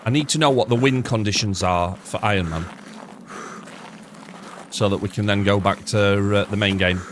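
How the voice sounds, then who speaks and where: A man streaming a shooter game live, rambling and thinking out loud, chatting to his viewers with jokey asides and casual swearing. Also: on the low side, normal speed, slight background noise. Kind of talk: live gameplay commentary.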